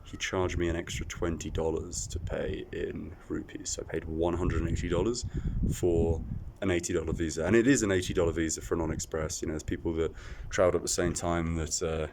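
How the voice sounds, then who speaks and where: A man's voice: low voice, level tone, fairly quick, few pauses, darkish tone, a little hiss or hum. A man casually vlogging about his travels, rambling with fillers and self-deprecating asides. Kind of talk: casual travel vlog talk to camera. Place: echoey outdoor site.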